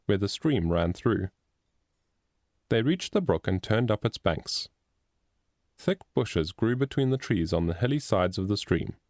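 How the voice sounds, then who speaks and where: A man narrating a storybook chapter in a steady, expressive reading. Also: on the low side, no room sound, clean studio sound. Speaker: audiobook narrator.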